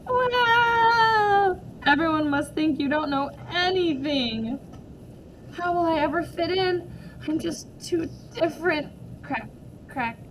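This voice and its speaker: A woman's voice: extremely high pitch, animated, slow pace, a little hiss or hum, pitched above the performer's own voice, exaggerated voice. A woman voicing a worried young girl who is new to the country, speaking anxiously. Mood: despairing. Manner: anxious, fretful.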